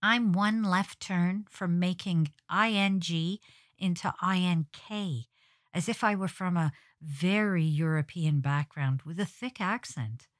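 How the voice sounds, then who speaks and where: A woman hosts her own podcast, telling funny stories in a wry, scripted style and landing hard g's at the ends of words. Her voice sits fairly low and she takes her time. The recording is dry, with clean studio sound.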